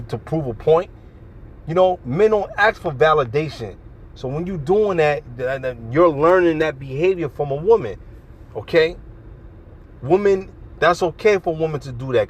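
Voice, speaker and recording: A man's voice: on the high side, husky. A man preaching bluntly and profanely outdoors on a city street, with traffic passing behind him. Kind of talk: open-air street preaching.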